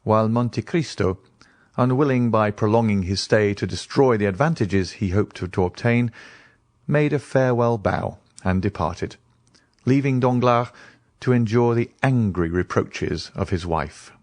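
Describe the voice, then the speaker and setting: Low-voiced male audiobook narrator. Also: measured pace, darkish tone, no echo.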